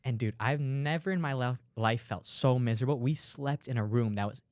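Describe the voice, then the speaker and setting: A young man co-hosting a podcast, telling stories in an animated way and acting out the people in them. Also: medium pitch, fairly quick, no room sound, studio quality. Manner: animated storyteller, acts out dialogue, fillers like "dude". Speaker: podcast co-host. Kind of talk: casual chat.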